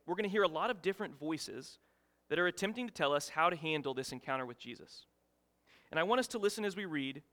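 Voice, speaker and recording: A man preaching as a guest speaker, telling a story with lively rises in his voice. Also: fairly high pitch. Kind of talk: sermon. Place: church sanctuary. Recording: long reverb of a church hall.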